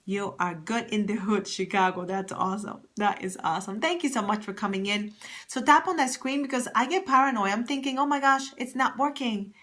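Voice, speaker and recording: A woman's voice: medium pitch, a little fast, a bit bright. A woman fashion stylist chatting on a live phone stream from her office, effusive and greeting viewers by name. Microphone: phone camera.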